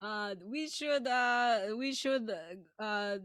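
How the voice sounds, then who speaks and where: A woman's voice: a little high, drawn-out words, a bit bright, clear, resonant tone, no room sound, studio quality, voice pushed up. A woman voicing an alien sword-fighter with a clumsy put-on Russian accent that keeps dissolving into laughter. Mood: earnest, giggly.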